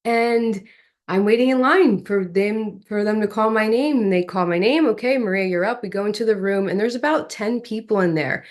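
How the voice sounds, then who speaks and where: A young adult woman, an actress, telling animated stories as an interview guest. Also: medium pitch, moderate pace. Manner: animated, lively storyteller. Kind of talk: storytelling in an interview.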